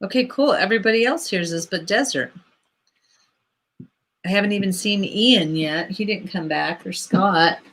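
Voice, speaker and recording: A woman's voice: mid-range voice, normal speed, fairly bright tone. A woman co-hosting a casual livestream on a video call. She chats, laughs often and sorts out tech trouble. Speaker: livestream co-host. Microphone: computer mic on a video call.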